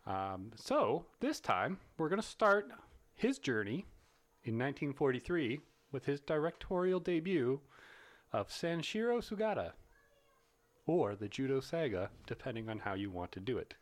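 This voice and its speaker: A man co-hosting a casual film podcast, talking in an animated, playful way and laughing often. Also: medium pitch, normal speed. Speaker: podcast co-host. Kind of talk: casual chat.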